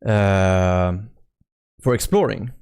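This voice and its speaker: A young man chats casually on a live stream, rambling and animated with playful swearing. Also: deep voice, very slow, gravelly, clear, resonant tone. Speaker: indie game developer streaming. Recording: faint music in background.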